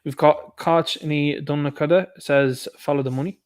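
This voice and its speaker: A man's voice: a little high, fairly even intonation, normal speed. A man hosting a livestream, chatting casually and reading out viewers' comments and answering them. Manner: chatty, talks back to chat comments. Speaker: livestream host.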